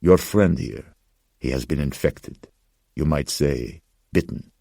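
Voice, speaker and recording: A man voicing a somber old pawnbroker who speaks in a slow, grave, measured way. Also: a bass voice, gravelly, dark tone, no echo, studio quality, full character voice. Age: older.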